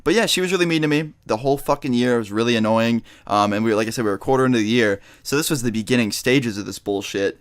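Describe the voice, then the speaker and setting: Guy ranting thru a storytime vlog, fast, swears a lot, really animated. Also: medium pitch. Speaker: vlogger.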